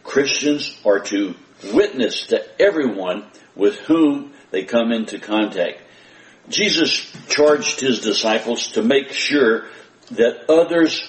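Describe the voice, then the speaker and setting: A man's voice: medium pitch, lively intonation, takes it slowly. A man preaching a sermon as pastor, earnest and emphatic, repeating his key phrases and addressing his congregation directly. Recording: roomy church sound.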